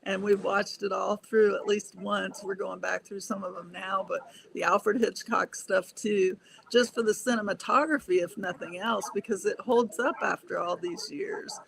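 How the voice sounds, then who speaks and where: Older woman, gravelly, chatty panel guest who laughs a lot. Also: mid-range voice, fairly even intonation, moderate pace, fairly bright tone. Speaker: guest speaker. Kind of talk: casual panel chat.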